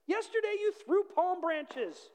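A preacher voicing a proud, cross young male donkey that shouts indignantly. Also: very high voice, lively intonation, takes it slowly, long reverb tail, voice pushed up, heavily acted.

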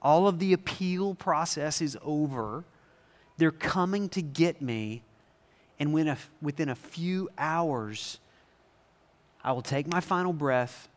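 A man voicing a condemned male prisoner's resigned inner thoughts, quiet, slow and brooding. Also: fairly high pitch, pitched below the performer's own voice. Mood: resigned, despairing. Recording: long reverb in a large hall.

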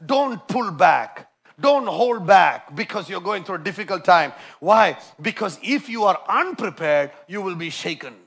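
A man preaching a sermon with passion, moving between loud emphatic lines and quieter storytelling. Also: sits high, animated, a little slow, gravelly, breathy edge.

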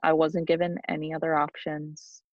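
A young woman, a podcast guest, telling a personal story in a halting way with frequent restarts. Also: low voice, level tone, no room sound. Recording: dull lo-fi dry sound.

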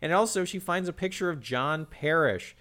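A man recapping a show's plot for a comedy podcast, animated and jokey, with frequent restarts. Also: a little high, normal speed, noisy background. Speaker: podcast co-host recapping a show.

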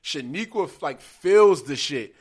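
A man's voice: fairly high pitch, expressive, takes it slowly, breathy edge. A young man in casual chat, animatedly telling a funny story to friends, laughing often and acting out what people said.

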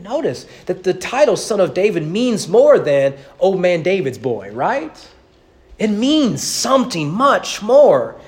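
A male pastor preaching a sermon in church, animated, with rhetorical questions and repeated words. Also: high-pitched, slow. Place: church sanctuary.

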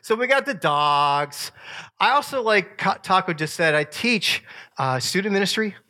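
A man, joking with an audience as he walks through family photos, swinging from loud to soft. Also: sits high, expressive, normal speed. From Virginia. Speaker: speaker sharing family photos. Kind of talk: casual talk to an audience.

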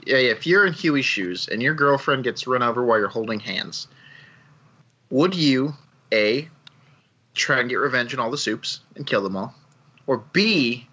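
A man's voice: medium pitch, sharp tone, highs cut off. A man co-hosting a casual podcast, playfully throwing out quiz and hypothetical questions. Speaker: podcast co-host. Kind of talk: casual chat.

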